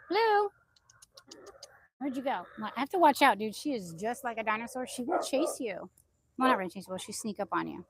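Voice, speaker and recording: A woman chatting casually on a phone live stream while walking through her backyard garden, rambling loosely and calling out high to her chickens. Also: breathy edge. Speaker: vlogger. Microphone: phone held in hand.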